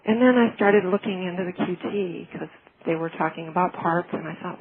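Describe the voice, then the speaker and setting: A woman sharing a personal healing testimonial in an earnest, heartfelt way, often pausing and restarting her sentences. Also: on the low side. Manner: halting, with frequent restarts and fillers. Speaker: client giving a testimonial. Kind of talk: personal testimonial, casual telling. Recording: phone-like lo-fi with faint noise.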